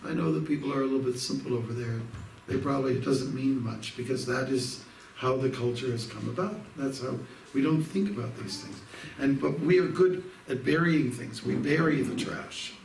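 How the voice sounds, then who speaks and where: Monk from Canada giving an informal devotional talk, gravelly voice, rambling anecdotal delivery with frequent fillers and restarts. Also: male voice, mid-range voice, normal speed, hardly any pauses. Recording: roomy hall, distant mic, faint noise.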